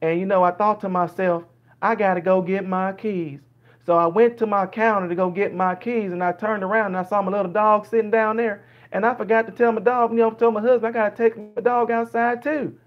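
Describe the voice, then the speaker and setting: A man's voice: high-pitched, level tone, very fast, gravelly, few pauses, pitched above the performer's own voice. A man voicing a chatty, long-winded Southern grandmother who drifts off topic, on dull lo-fi stream audio. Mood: rambling. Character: chatty rambling Southern grandmother, older woman.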